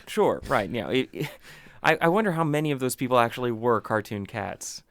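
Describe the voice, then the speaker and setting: A man's voice: medium pitch, lively intonation, fairly quick, a bit bright, dry recording. A man co-hosting a comedy podcast, explaining things at length with teasing asides. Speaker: podcast co-host. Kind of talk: casual comedy chat.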